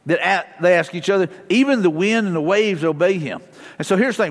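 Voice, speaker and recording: A man's voice: high-pitched, brisk. A middle-aged man preaching a casual, storytelling sermon as pastor, with frequent fillers and restarts. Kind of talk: conversational sermon. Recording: long reverb of a large hall.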